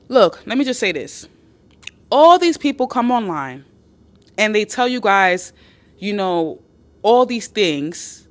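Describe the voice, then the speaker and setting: A woman's voice: on the high side, fairly bright tone. A woman hosting a live stream, chatting with viewers and reading out their comments, speaking bluntly, swearing freely, and repeating herself for emphasis.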